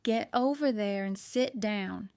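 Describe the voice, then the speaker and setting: A woman's voice: mid-range voice, slow pace, gravelly, dark tone, clear, resonant tone, no echo, clean studio sound. A woman voicing a fiery, protective older woman baker in an audiobook, who talks in a folksy, bossy, scolding way. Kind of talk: audiobook character reading.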